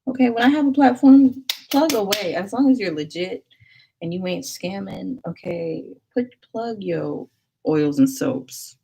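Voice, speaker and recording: Speaking in a mid-range, gravelly voice, this livestream host is expressive and unhurried, with some background noise audible. She's a young woman casually chatting with her audience, reading comments aloud, laughing, and dropping whispered asides.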